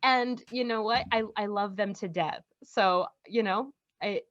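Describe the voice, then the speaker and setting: A woman's voice: mid-range voice, unhurried, muffled recording. A woman in her thirties, a contestant on a comedy game show, talking in a chatty, giggly, self-deprecating way. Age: 30s. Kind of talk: casual self-introduction.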